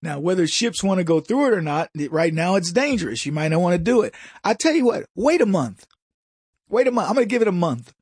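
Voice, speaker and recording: A man hosting a political commentary show, brash and mocking, laughing often and slipping into high voices to mimic people. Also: very animated, a little fast, a little mellow, breathy edge, no echo, clean studio sound. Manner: jumps into high put-on voices for quoted people. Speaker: political talk show host. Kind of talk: opinionated commentary monologue.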